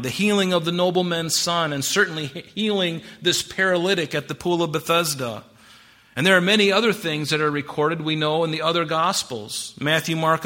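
Male pastor, bright forceful tone, sermon delivery, emphatic then hushed. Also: fairly high pitch. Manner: expository preaching with scripture quotes; swings between emphatic rises and hushed drops.

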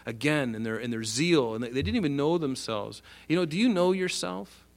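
A man preaching a sermon, animated, acting out the quoted voices with big swings from soft to loud. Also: medium pitch, fairly quick, few pauses. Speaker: pastor.

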